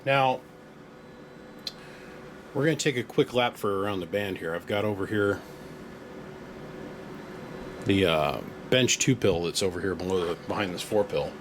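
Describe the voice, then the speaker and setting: A man's voice: low-pitched, a little slow, long pauses, noisy background. A man who runs a repair shop, telling a story in a casual, folksy way with slang in his workshop. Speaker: amplifier repair shop owner. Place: workshop with shelving units.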